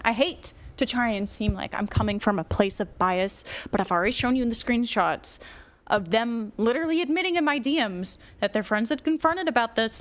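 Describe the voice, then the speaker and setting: Blunt, sarcastic woman commentator. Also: fairly high pitch. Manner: blunt and sarcastic, swears freely. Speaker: online commentator. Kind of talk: commentary reacting to a written apology.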